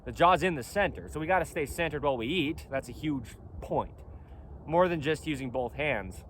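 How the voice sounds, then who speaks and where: Emphatic man with a lively voice. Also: a little high, normal speed. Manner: emphatic, insistent, repeats points. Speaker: clothing company founder. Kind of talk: casual outdoor vlog monologue. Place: outdoors. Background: faint wind and traffic noise.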